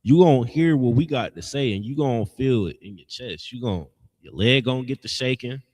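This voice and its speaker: Male preacher-teacher, animated swooping delivery, blunt and scolding, reverberant hall sound. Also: mid-range voice, brisk. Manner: blunt, scolding, emphatic with slangy asides. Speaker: religious teacher. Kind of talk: street-style preaching lesson.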